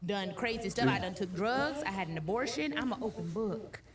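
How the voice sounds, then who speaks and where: A woman's voice: mid-range voice, lively intonation, brisk, far from the mic, slight background noise. A woman telling her faith story as a podcast guest, emphatic, repeating phrases, heard in a played clip.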